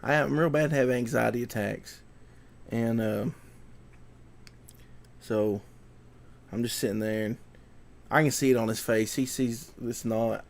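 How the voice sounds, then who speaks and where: A man's voice: mid-range voice, fairly even intonation, measured pace, gravelly, pauses often. A young man telling a story to camera, rambling and repeating himself and sounding shaken. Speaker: vlogger.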